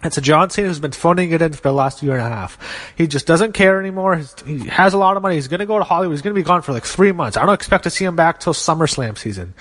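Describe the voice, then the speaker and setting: A man with a slightly high voice hosts his own show and gives his wrestling predictions in a casual, blunt and opinionated way. He swears freely and speaks with conviction. A long reverb trails behind his words.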